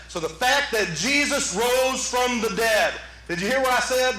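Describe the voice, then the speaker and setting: A man preaching a sermon as pastor, animated, rising to shouts and dropping into playful asides. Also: extremely high pitch, moderate pace, hardly any pauses, echoey room, poor audio. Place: church sanctuary.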